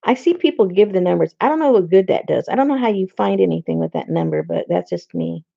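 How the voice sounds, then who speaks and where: Gravelly-voiced woman chatting while crafting. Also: fairly low pitch, fast talker, dull audio. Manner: rambling, talks to herself while searching. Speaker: craft video host. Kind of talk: casual chat while crafting. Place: indoor craft room, standing near a speaker.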